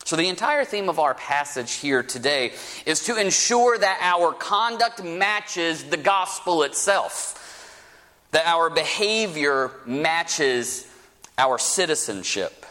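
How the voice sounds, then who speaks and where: A man preaching a sermon as pastor, with a lively storytelling manner and folksy asides. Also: on the high side, slow pace. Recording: preached in a reverberant hall.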